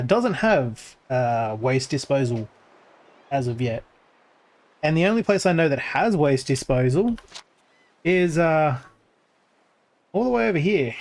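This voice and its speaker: A slightly mellow man offers casual gameplay commentary as a streamer. He rambles and thinks out loud with many fillers and restarts, and his voice becomes crackly when he goes deep.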